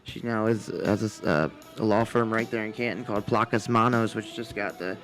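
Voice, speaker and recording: A man's voice: fairly low pitch, brisk, soft background music. Laid-back rambling man guest. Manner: relaxed, rambling, with many "like" fillers. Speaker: podcast guest. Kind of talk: casual conversation.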